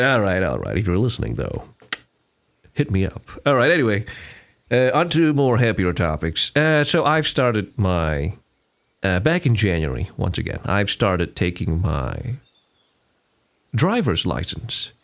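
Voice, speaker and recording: A man's voice: lowish voice, wildly swooping pitch, slow, creaky, long pauses, fairly bright tone. A man, hosting a casual solo podcast, rambling with lots of fillers and restarts. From Singapore. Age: 20s. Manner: rambling, frequent fillers and restarts, laughs often. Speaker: podcast host.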